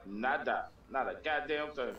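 A man's voice: mid-range voice, a little slow, muffled recording, a crowd in the background. A man streaming a shooter game, chatting casually and laughing with friends. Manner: laid-back, laughing, profane. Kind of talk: casual gaming chat. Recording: echoey, distant mic, noisy.

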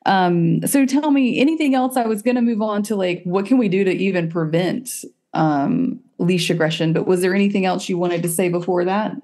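A woman co-hosting a casual podcast who talks with enthusiasm and fills her sentences with "like." Her voice sits a little low for a woman. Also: normal speed, mellow. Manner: enthusiastic, many "like" fillers. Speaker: podcast co-host.

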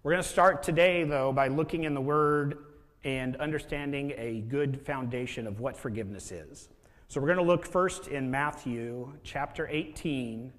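A male pastor giving a conversational sermon and often asking the listeners rhetorical questions. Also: medium pitch. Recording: long hall reverb.

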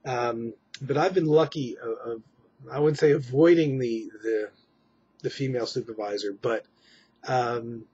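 A very husky, breathy man talks at a middle pitch, worn out and rambling through a late-night update. He stops and restarts often and fills gaps with ums. The home recording sounds dull and lo-fi. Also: measured pace, warm tone. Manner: rambling, weary, with many fillers and restarts. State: exhausted. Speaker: vlogger.

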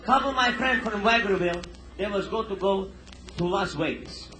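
A man telling stand-up jokes in broken immigrant English, in an animated storytelling manner before a live audience. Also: sits high, normal speed, heavy background noise. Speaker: stand-up comedian. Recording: echoey live room recording. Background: audience laughter.

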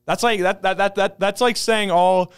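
A young man co-hosting a podcast in casual, rambling chat, acting out quotes in a high voice. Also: steady tone, normal speed, smooth. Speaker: podcast co-host.

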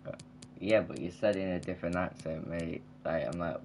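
A man's voice: low-pitched, normal speed, a little mellow. A man chatting casually while playing a football video game, rambling and trailing off mid-sentence. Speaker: gamer. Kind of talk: casual gaming chat.

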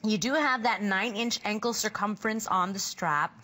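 A woman on a shopping channel, gushing over the product in quick, eager patter. Her voice is bright and forward, with a slight sniffle from a cold. She sounds like a TV studio host. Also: mid-range voice. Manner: excited, gushing, fast selling patter. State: sniffly, under the weather. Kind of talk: live TV sales pitch.

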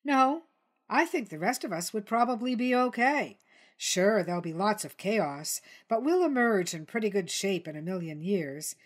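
A woman voicing Dilly, a calm, persistent jungle news creature who presses her points. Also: medium pitch, normal speed, voice pushed up, close to an everyday voice.

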